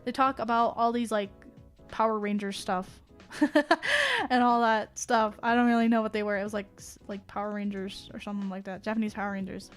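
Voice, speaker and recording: A woman's voice: medium pitch, little pitch movement, fairly quick, soft background music. A young woman streamer casually retelling an anime plot. She rambles, swears freely and laughs often as she talks. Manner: laughs often while talking.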